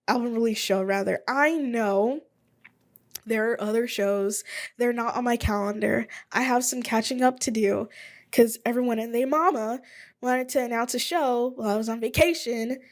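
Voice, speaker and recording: Woman, 20s, solo podcast host, casual rambling chat, thinks aloud, a bit high-pitched. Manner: rambling, chatty, thinks aloud while looking things up.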